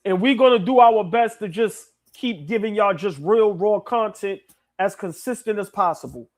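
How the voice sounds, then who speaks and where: A man's voice: sits high, moderate pace. A young man co-hosting a live sports stream, sentimental and repeating himself as he thanks viewers. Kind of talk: emotional live stream chat.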